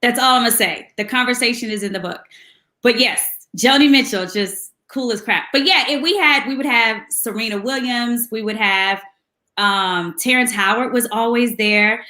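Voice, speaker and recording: A woman guest telling lively anecdotes in a casual chat, laughing often and mimicking voices. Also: on the high side, normal speed, roomy sound. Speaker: guest musician.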